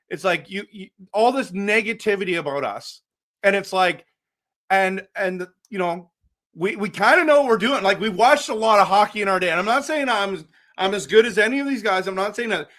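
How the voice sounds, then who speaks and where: High, bright-voiced excitable hockey host. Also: male voice. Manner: rambling and excitable, with frequent restarts. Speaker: hockey post-game show host. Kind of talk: casual hockey commentary over replays.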